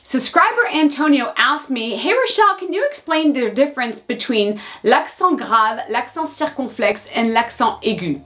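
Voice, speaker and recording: A woman's voice: high voice, animated, moderate pace, few pauses, a bit bright. A woman whose first language is French, giving a chatty video lesson and explaining with examples. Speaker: French teacher.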